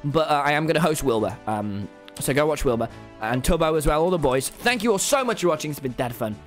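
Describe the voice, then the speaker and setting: A young man with a British accent hosts a live stream in a loose, rambling way, swearing freely as he signs off. His voice sits a little high and swings widely in pitch. Faint music plays underneath. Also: animated, fast talker. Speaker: livestream host. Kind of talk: casual gaming stream chat.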